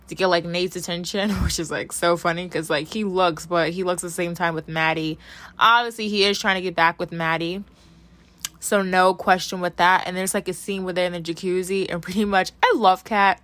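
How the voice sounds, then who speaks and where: Young woman, chatty TV recap, lively swooping delivery, dry close sound. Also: medium pitch, no echo. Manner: animated gossip, lots of "like", acts out characters' lines. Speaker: TV recap vlogger. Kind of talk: casual TV recap.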